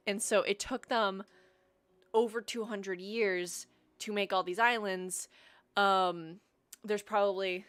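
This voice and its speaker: A woman's voice: mid-range voice, fairly bright tone. A young woman hosting a live stream, chatting casually with lots of ums while explaining a story world. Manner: chatty, rambling, frequent ums. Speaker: livestream host. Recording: faint music behind.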